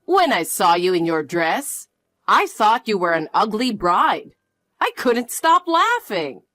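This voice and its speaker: Woman playing a nasty older mother-in-law, slow and cold, lower than the narrator's own voice, dry close sound. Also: sing-song, a bit bright, dry recording. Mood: cutting. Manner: cold, cutting, slow and scornful. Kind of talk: dramatized story dialogue.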